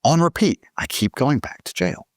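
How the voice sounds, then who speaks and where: A man's voice: mid-range voice, moderate pace, dry recording, clean studio sound. A man telling a story casually, indignant and swearing often. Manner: profane, indignant, animated. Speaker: guest storyteller.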